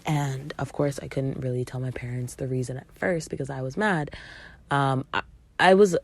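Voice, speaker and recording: A woman's voice: extremely low pitch, steady tone, moderate pace, creaky. A young adult woman hosting a podcast, telling a story in a casual, emphatic way, swearing freely and acting out what people said. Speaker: podcast host.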